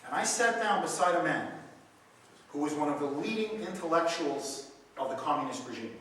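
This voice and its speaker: A man's voice: on the high side, animated, normal speed, a bit bright, slight background noise. A man, a radio talk show host, answering audience questions at a seminar with passionate, preachy storytelling. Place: large meeting room. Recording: echoey hall, recorded from far off.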